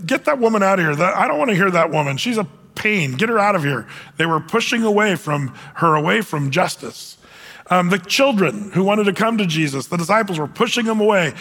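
A man preaching a sermon in a loose, conversational way, often restarting his sentences and filling pauses. His voice sits a little high. The recording carries the long reverb of a large hall. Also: a bit bright. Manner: conversational, many fillers and restarts. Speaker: pastor. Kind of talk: sermon with scripture reading.

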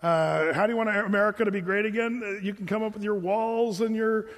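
High-voiced man preaching in a hall. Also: brisk. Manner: conversational, animated preaching with mock voices of listeners. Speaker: pastor. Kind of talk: sermon.

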